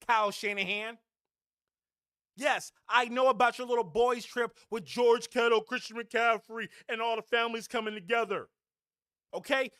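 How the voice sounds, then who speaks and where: Man ranting about sports, high-pitched, bright edgy tone, blunt and heated, dry close sound. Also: no room sound. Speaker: fan podcast host. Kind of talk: opinionated sports rant.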